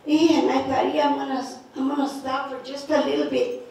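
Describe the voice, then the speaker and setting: A woman telling a personal story in a lively, playful way, mixing in Spanish words. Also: high-pitched, a little fast, gravelly. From Northern New Mexico. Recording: echoey room, speaker far from mic.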